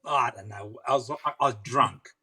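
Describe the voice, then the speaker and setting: A man's voice: mid-range voice, normal speed, sharp tone, breathy edge. A middle-aged man, an interview guest, telling a personal story earnestly and often repeating himself. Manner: earnest, persistent, repeats phrases.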